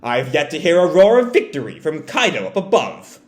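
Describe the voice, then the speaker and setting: A man's voice: on the high side, big pitch swings, normal speed. Guy putting on a big mean old pirate queen, cackles and sneers, lots of room echo. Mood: weary scorn. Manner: taunting, cackling laugh. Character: huge old female pirate queen, gloating.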